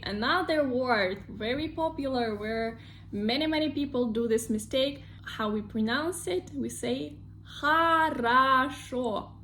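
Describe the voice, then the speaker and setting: A woman with a Russian accent teaching pronunciation in an online lesson, explaining slowly and drawing out each example word. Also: fairly high pitch, slight background noise. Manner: slow, careful explanations with drawn-out model words.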